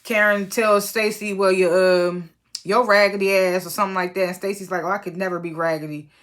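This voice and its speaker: A woman casually recapping a reality TV episode, chatty and animated, acting out her own reactions with laughs. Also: medium pitch, a little fast.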